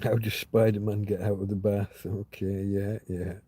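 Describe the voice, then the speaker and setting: A man's voice: lowish voice, flat delivery, moderate pace, dark tone, breathy edge, no room sound. A man hosting a casual livestream chat, telling rambling, wry stories with plenty of swearing, recorded outdoors. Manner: rambling, profane, wry storytelling. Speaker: livestream host. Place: outdoors on private land.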